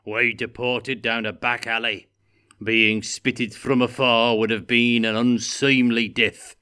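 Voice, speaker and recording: A man reading a story aloud and voicing a gruff, bloodthirsty male dwarf warrior who speaks loudly, slowly and grimly. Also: medium pitch, little pitch movement.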